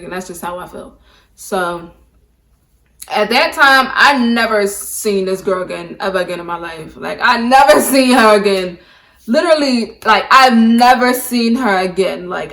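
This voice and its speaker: With a slightly high, fairly bright voice, a young adult woman who does beauty vlogs addresses the camera and its mic. Her casual story is emphatic and packed with the word "like."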